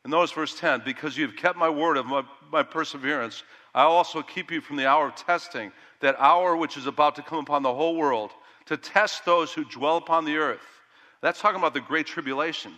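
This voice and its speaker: A middle-aged man preaching a sermon with animated delivery, rising loud and dropping to a hush. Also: on the high side, brisk, long reverb tail. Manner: animated preaching that rises loud and drops to hushed. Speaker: pastor.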